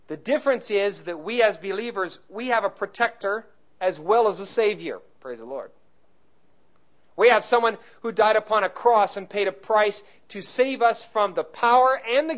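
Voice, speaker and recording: A man's voice: high voice, lively intonation, moderate pace, fairly bright tone. A man preaching a sermon as pastor in a conversational way, swelling into emphasis on key points. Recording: muffled lo-fi recording.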